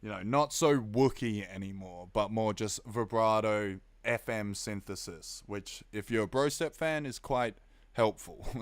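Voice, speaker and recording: A young Australian man, a bit tired, casually explaining synth sounds on a live stream, chatty and quick to laugh. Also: lowish voice, smooth, no room sound. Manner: relaxed, chatty, reads chat aloud, laughs often. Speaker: music producer streaming.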